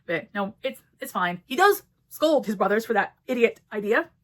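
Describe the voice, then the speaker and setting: A woman's voice: mid-range voice, very animated, moderate pace. A woman giving a casual book review, blunt and swearing freely as she retells the story and acts out the characters' lines.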